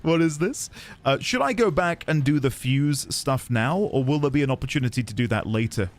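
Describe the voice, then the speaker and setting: A man's voice: mid-range voice, animated, fairly quick. A man streaming a game, musing aloud playfully as he reads notes and explores. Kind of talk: let's-play commentary.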